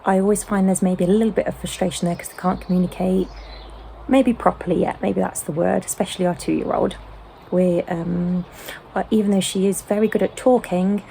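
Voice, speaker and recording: A British mother in a casual sit-down chat, explaining gently with frequent ums. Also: medium pitch, gravelly, a little hiss or hum, rough recording. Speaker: home-educating mother.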